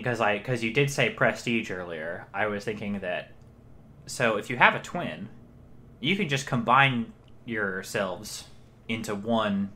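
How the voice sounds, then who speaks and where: Bright-voiced male podcast co-host. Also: lowish voice, slight background noise. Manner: earnest riffing, thinking aloud with fillers. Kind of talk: casual comedic banter.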